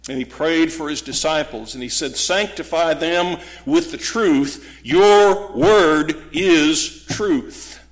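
A man preaching a sermon, emphatic, with dramatic pauses and sudden loud stresses, now and then mocking opponents' voices. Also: mid-range voice. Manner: acts out voices of critics with mock gasps.

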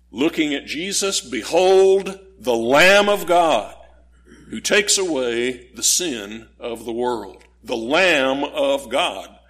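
A man preaching a sermon, slow and deliberate, lifting his voice on key words. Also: mid-range voice, pushed and bright, husky.

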